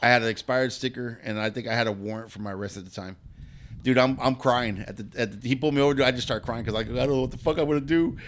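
A man's voice: medium pitch, rapid-fire, fairly bright tone, a little hiss or hum. A male comedian on a podcast, telling a story casually, swearing often and stumbling over repeated words. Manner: rambling, swearing, repeats words at the start of lines. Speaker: guest comedian.

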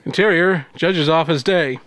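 A man's voice: on the high side, normal speed, fairly bright tone. A man co-hosting a comedy podcast, reading the stage directions of a script.

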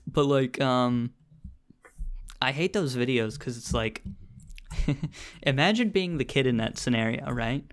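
A young man co-hosting a podcast in an easygoing, casual chat. He laughs often through his stories and builds up his bits with a relaxed, meandering delivery. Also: mid-range voice, unhurried, long pauses, smooth. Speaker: podcast co-host.

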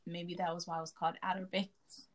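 A woman's voice: lowish voice, level tone, fairly quick. A woman co-hosting a podcast who chats casually with frequent fillers, then reads out a news summary. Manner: chatty, with frequent fillers and likes. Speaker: podcast co-host.

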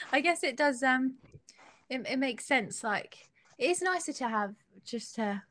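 A young British woman, a singer-songwriter guest, chatting casually in an interview, giggly and halting with many restarts. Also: high voice, expressive, a bit bright, a little hiss or hum. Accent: British English.

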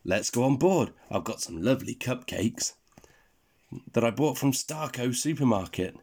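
A man voicing a short, clumsy, gentlemanly male spaceman, polite and fussy. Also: medium pitch, expressive, moderate pace, slightly rough. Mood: friendly. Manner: polite, fussy, self-pitying.

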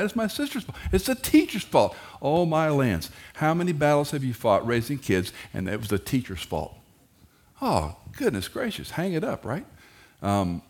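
A middle-aged pastor delivers a sermon with animation and humor. When quoting kids and parents, he leaps into high, mocking voices.

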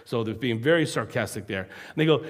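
A man preaching a sermon as a pastor, animated and acting out the voices of the people he describes. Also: medium pitch, fairly quick, in a large hall. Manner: animated, acts out quoted voices.

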